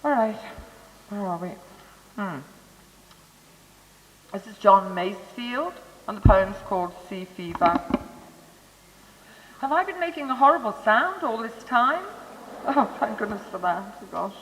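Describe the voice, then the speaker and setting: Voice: medium pitch, sing-song, a little slow, pauses often, a bit bright, slight background noise. Lecturer in a reverberant hall. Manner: thoughtful, chatty asides to the audience. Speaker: lecturer on Montessori education. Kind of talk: conversational lecture. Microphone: microphone.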